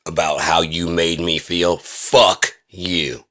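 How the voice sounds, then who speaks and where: A man's voice: low voice, little pitch movement, takes it slowly, fairly bright tone. A man talking casually and profanely on his own indoors, rambling through a rant in a lecturing way. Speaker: vlogger. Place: indoor room with a heater.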